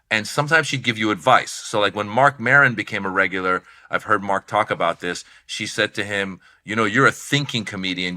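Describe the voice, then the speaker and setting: A middle-aged comedian from Iran spins his stories with a bright, forceful ring. His voice sits a touch low for a man, and he slips into the voices of the people he is telling about. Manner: animated, acts out voices in anecdotes. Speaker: comedian guest. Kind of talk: casual storytelling chat.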